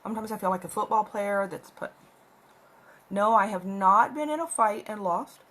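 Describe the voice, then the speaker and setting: A woman's voice: medium pitch, moderate pace, fairly bright tone. Woman, casual makeup tutorial, rambling and chatty, at home, phone recording. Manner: rambling, chatty, talks while applying makeup. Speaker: makeup vlogger. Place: at home with her cat. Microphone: phone camera.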